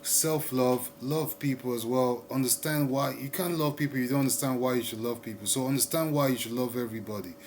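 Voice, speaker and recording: A man's voice: mid-range voice, darkish tone. Rambling man talking to camera. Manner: rambling, repeats phrases, slows down to stress points. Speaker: vlogger. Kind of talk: casual monologue to camera.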